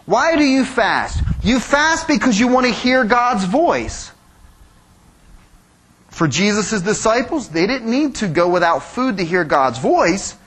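A man preaching to his congregation in a high, husky voice. His pitch swings widely as he acts out quoted voices and slips in joking asides. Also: big pitch swings, takes it slowly, fairly bright tone. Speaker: pastor. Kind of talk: sermon.

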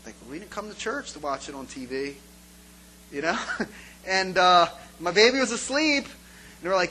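A man's voice: high-pitched, normal speed, pauses often, a little hiss or hum, poor audio. A man giving an informal sermon as a pastor, telling stories and acting out scenes for his congregation. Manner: animated storytelling, acts out scenes.

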